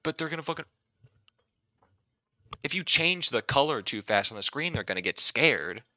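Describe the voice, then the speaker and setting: A man's voice: medium pitch, sing-song, moderate pace, pushed and bright, no room sound. A man delivering an angry, profane comedic rant. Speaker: video creator. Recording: dull lo-fi recording.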